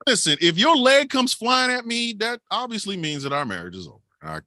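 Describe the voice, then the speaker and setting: Bright lively co-host, swearing nonstop while recapping a movie, dry close sound. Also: medium pitch, a little fast, no echo. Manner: animated, swearing, mock-outraged. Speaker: podcast co-host. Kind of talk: casual profane film recap.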